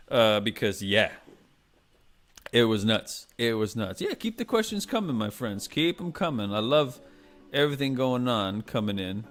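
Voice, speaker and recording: Rambling, animated man hosting a stream. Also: mid-range voice, normal speed, faint music behind. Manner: rambling, animated, swearing, many restarts. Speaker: livestream host. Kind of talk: casual live-stream chat.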